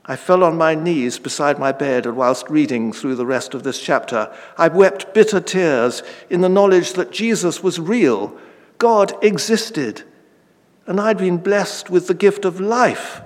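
Man preaching a sermon, late fifties, fairly high voice, earnest, slows on key phrases, long church reverb. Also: animated. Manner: reads scripture aloud with rising emphasis.

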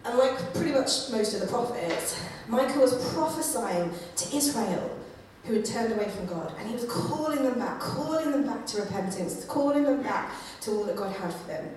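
A woman giving a conversational sermon, with many fillers and lively acted-out quotes. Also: a little high, normal speed, distant mic, slight background noise. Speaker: preacher. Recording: echoey room, voice from afar.

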